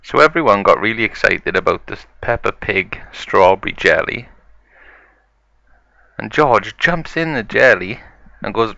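A man narrating a story acted out with toys, in a slow, gravelly way. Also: fairly low pitch, lively intonation, pushed and bright, dry recording. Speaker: toy video narrator. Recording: dull lo-fi sound.

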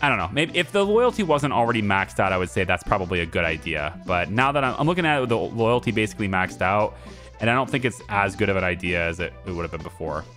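A lower-voiced man talks through his moves in a strategy game, unhurried and full of ums, pausing and restarting his sentences as he reasons things out. Soft game music plays faintly behind him. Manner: relaxed, thinking aloud with many ums and restarts. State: has hiccups. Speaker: gameplay video creator. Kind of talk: casual game commentary.

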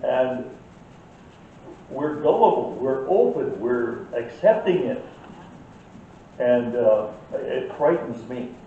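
A man's voice: mid-range voice, expressive, slow pace, pauses often, narrow, tinny audio, a little hiss or hum. An older man teaching a church Sunday school class in an earnest way that gets worked up, heard from far off in an echoey room.

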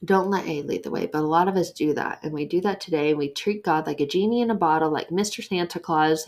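A woman's voice: sits low, fast, few pauses. A woman hosting a devotional talk on prayer, earnest and emphatic, repeating short phrases for weight. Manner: drops to soft near-whisper in prayer passages. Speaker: podcast host teaching on prayer.

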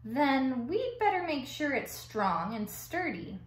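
A woman's voice: sits high, sing-song, takes it slowly, pitched above the performer's own voice, full character voice. A stubborn, grumbling male beaver, voiced by a woman reading aloud, muttering his complaints. The reading sounds roomy and a little echoey. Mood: grumpy. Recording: echoey room.

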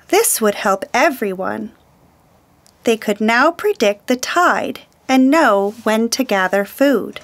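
A woman storyteller reading a children's picture book aloud, slow, gentle and deliberate. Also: on the high side, lively intonation.

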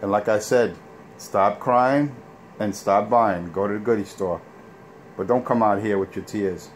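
Deep-ish guy bragging and trash talking on his morning radio rant, bit of hiss behind. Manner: boastful, trash-talking, drawn-out phrasing. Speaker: CB radio operator ranting on air.

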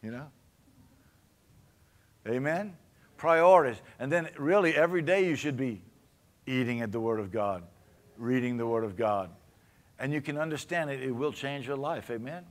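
A Cajun-accented male pastor delivers a sermon at a mid-range pitch. He talks to the congregation like a neighbor and keeps checking in with a quick "amen?". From Louisiana. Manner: conversational preaching, often asking the congregation for an amen.

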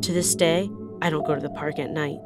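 A woman's voice: sits low, fairly even intonation, a little fast, loud music behind the voice. A woman narrating her own scary experience in the first person, in an earnest, plain way. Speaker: storyteller.

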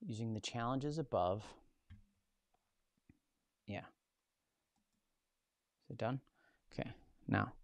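A man's voice: on the low side, normal speed, creaky, pauses often, darkish tone, no echo. A man hosting a live-streamed tutorial, talking in a casual, chatty way with jokey asides to viewers. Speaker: host teaching a live session.

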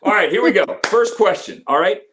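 A male radio morning show host chatting with guests on a video call, joking and laughing quickly. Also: sits high, expressive, background noise. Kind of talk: casual chat on a video call.

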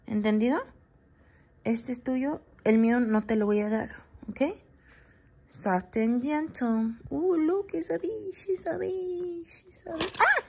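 A woman's voice: on the high side, lively intonation, unhurried, husky. A woman vlogging casually at home, talking to her pets in cooing baby talk.

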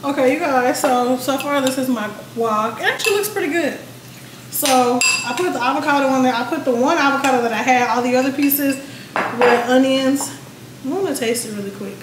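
A woman's voice: high-pitched, fairly quick. Venting casual woman vlogger. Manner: candid, venting, swears freely. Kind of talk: casual vlog chat. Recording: roomy echo, faint room noise.

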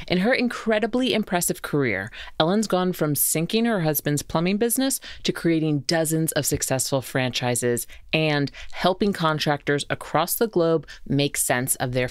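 A woman's voice: sits low, no echo. A woman hosting a podcast, upbeat and enthusiastic as she introduces her guest. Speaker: podcast host. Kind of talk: scripted intro then interview chat.

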